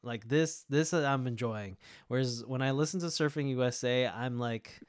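A man's voice: medium pitch, normal speed, few pauses, dry recording. A man co-hosting a music podcast in casual chat, rambling with many fillers and self-interrupting asides. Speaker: podcast co-host.

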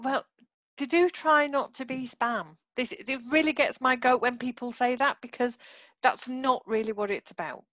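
A woman's voice: high voice, steady tone, normal speed, fairly bright tone, no room sound, lo-fi sound. A woman co-hosting a podcast, explaining things in a patient, firm way. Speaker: podcast co-host. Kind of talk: casual chat.

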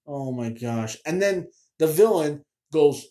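A man's voice: on the high side, lively intonation, slow, mellow. A man hosting a casual movie review show, ranting in a chatty, exasperated way with lots of fillers.

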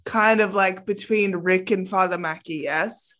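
A woman's voice: mid-range voice, measured pace, fairly bright tone. A woman playing in a tabletop game, describing her character's actions in a casual, playful way. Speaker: player.

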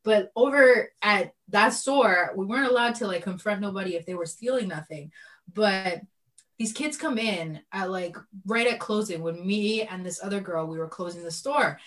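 A young woman from Canada telling a story in casual chat, animated and full of fillers. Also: medium pitch, moderate pace, poor audio.

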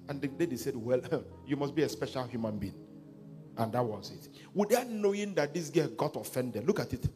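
Nigerian pastor guy preaching, calls out one two three go for group reading, swoopy lively voice. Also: mid-range voice. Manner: leads group reading, retells counselling story. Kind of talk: sermon with congregational scripture reading.

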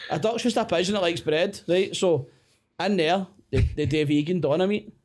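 A man's voice: high-pitched, moderate pace, a little mellow. A man with a Scottish accent, chatting and teasing as a podcast co-host, swearing freely. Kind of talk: casual chat.

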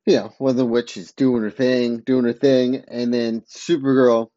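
A man talks through a story in an unhurried, drawn-out way, circling back and fixing his own words as he goes. The sound is dull and lo-fi, and the room is completely dry. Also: mid-range voice, little pitch movement, warm tone, no room sound. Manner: rambling, often stops to correct himself mid-sentence. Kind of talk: casual spoken recap.

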